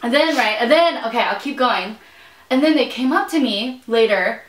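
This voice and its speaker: Young woman vlog host, higher voice, chatty storyteller, echoey room. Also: lively intonation, normal speed. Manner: chatty storyteller, acts out quotes, laughs often. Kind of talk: casual chat while eating.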